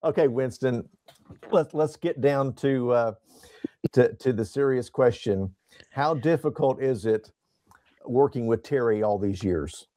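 A man's voice: mid-range voice, measured pace, dark tone, no echo, studio quality. A man hosting an interview over a video call, with folksy agreeing fillers. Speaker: interview host. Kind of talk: casual interview.

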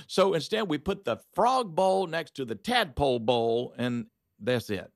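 A man, a pastor telling lively stories as a guest in a studio conversation. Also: fairly high pitch, unhurried, no echo. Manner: lively, acts out voices in his stories. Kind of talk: animated storytelling in a studio conversation.

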